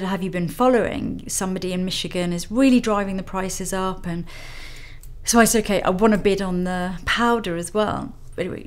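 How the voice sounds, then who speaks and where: A woman vlogger telling a personal story to camera in an animated, breathless way, laughing now and then. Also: on the low side. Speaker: makeup artist vlogger.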